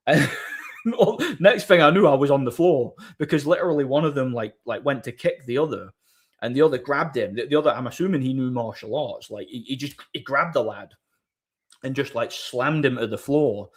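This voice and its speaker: A man's voice: mid-range voice, animated, brisk. A man hosting a live stream, chatting casually and telling a story with many restarts and crude, blunt banter. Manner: rambling storyteller, frequent restarts.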